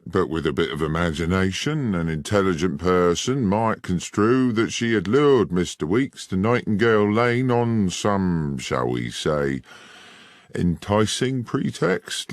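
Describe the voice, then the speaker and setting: A man's voice: deep voice, no room sound, clean studio sound, pitched above the performer's own voice. A male narrator voicing a self-important country police sergeant who speaks in a pompous, condescending way.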